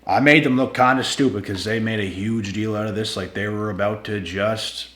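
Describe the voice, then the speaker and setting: A man telling a personal story to his viewers in a casual, animated way, slangy and swearing freely. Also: lowish voice, normal speed, roomy sound.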